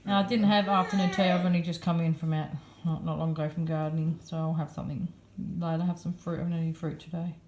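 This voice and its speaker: A woman's voice: deep voice, level tone, quick pace, few pauses, noisy background. A woman in her thirties with an Australian accent, casually narrating a daily vlog from her home kitchen in a rambling, chatty way. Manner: chatty, rambling, many fillers. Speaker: vlogger.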